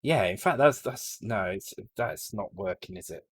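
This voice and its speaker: A man's voice: fairly low pitch, lively intonation, normal speed, slightly rough, no room sound, clean studio sound. A British man on a live coding stream, thinking aloud in a blunt way, swearing freely and often breaking off to restart his sentences. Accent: British English. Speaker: streamer coding a retro game. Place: home.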